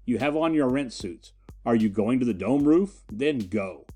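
A hulking Martian guard barks short, rasping orders in a low, dark voice, as a male narrator puts him on. He sounds blunt and threatening in an audiobook reading, with faint music underneath. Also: expressive, normal speed. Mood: gruff. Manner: gruff, curt, rasping.

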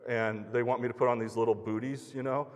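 A man's voice: mid-range voice, flat delivery, fast. Man telling a story in a reverberant hall. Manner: conversational, anecdotal, acts out others' lines. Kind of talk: storytelling sermon. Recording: long reverb of a large hall.

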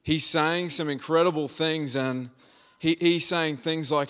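A man's voice: on the high side, steady tone, a little slow, hardly any pauses, a bit bright, clear, resonant tone. A man preaching a conversational sermon, reading scripture and retelling the story with humor.

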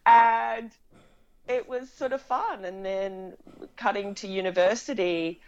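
A woman's voice: medium pitch, slow, darkish tone, dull audio. A woman film director, chatting animatedly in an interview and telling stories with laughs. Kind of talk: casual interview conversation.

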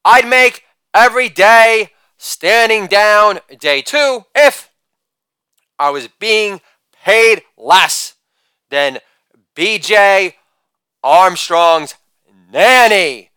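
A man in his forties doing stand-up one-liners from home, punctuating each joke with a shouted catchphrase. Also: sits high, lively intonation, extremely slow, long pauses, clear, resonant tone, dry recording. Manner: punchy joke delivery with a shouted catchphrase after each bit. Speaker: stand-up comedian.

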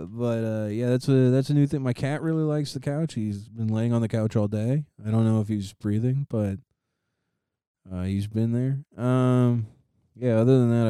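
A man's voice: lowish voice, steady tone, a little slow, mellow, clean tone, dry recording, studio quality. A young man telling rambling stories in a casual chat with friends, laughing often.

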